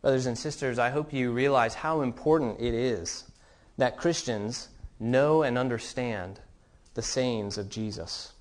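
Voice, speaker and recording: A man's voice: medium pitch, unhurried. A man preaching a sermon as pastor, earnest and questioning, with some restarts.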